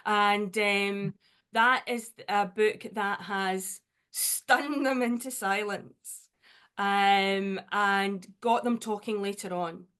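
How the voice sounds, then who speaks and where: A woman, a school librarian guest on a podcast, talking in a brisk, wry way. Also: mid-range voice, a bit bright, smooth. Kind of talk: casual podcast discussion.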